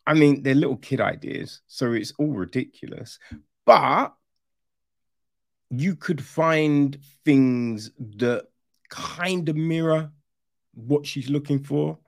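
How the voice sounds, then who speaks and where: A man's voice: fairly high pitch, slow, vocal fry, no echo, studio quality. A man giving a casual, rambling spoken review, sarcastic and incredulous, swearing freely and checking in with "right?" as he goes. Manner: rambling with restarts and frequent "right?". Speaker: film reviewer.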